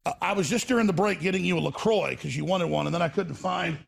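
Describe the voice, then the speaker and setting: A man hosting a talk show, rambling and sardonic, with a raspy voice. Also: high voice, fast talker.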